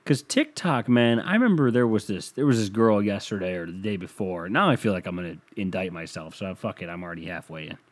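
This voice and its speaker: A man's voice: lowish voice, lively intonation, brisk, few pauses. A young man hosting a podcast in a rambling, profane, self-mocking casual monologue. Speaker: podcast host.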